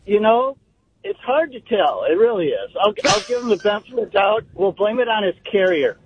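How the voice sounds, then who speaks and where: A man's voice: high voice, very animated, a little fast, noisy background. A man calling in to a radio show, joking and upbeat. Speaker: caller. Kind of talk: call-in chat. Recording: thin phone line.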